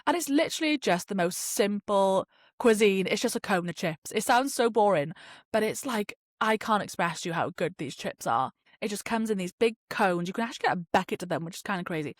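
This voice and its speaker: A woman's voice: medium pitch, animated, fairly quick, no room sound, studio quality. A woman hosting her own podcast, chatting in a rambling, sweary way with lots of fillers while she has a cold. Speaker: podcast host. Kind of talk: casual solo podcast chat.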